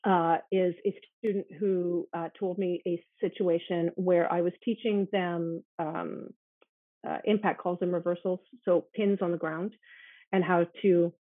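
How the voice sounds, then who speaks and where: A woman speaks as an interview guest in a husky, breathy voice, earnest and emphatic. The sound is thin and phone-like, as over a video call, with a dry, close feel. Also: lowish voice, fairly even intonation, unhurried, dry recording. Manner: earnest, grows emotional and emphatic. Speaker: self-defense instructor, interview guest. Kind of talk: conversational interview.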